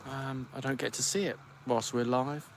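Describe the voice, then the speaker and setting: A man's voice: medium pitch, steady tone, normal speed, gravelly, slight background noise. A man from the UK hosting a podcast live stream, chatting casually and rambling as he reads out viewer comments. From United Kingdom. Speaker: podcast host.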